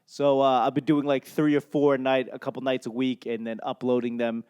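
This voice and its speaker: A man's voice: mid-range voice, little pitch movement, brisk, darkish tone, clear, resonant tone. A young man from Boston, a stand-up comedian hosting his solo podcast, rambling casually, swearing often and losing his train of thought. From Boston, USA.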